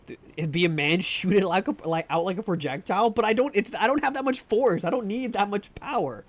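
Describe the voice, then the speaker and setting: A man with a high voice talks fairly quickly while live-streaming a game from home into a desk mic. He chats casually with viewers, joking at his own expense and laughing often.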